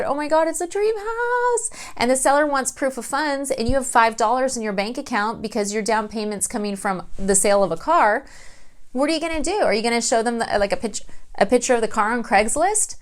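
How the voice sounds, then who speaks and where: A woman loan officer talking straight to camera, giving home-buying advice in a casual, animated way and acting out her clients' lines. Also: on the high side. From United States. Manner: animated, acts out clients' voices.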